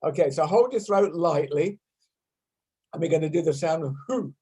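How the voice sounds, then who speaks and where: A playful English man leads a laughter yoga class over a video call, joking about himself as he teaches. His voice sits fairly high for a man, and he shows each laugh sound out loud to his students. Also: animated, normal speed, breathy edge. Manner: playful, self-mocking, demonstrating laugh sounds loudly. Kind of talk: online class instruction. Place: home room on a video call.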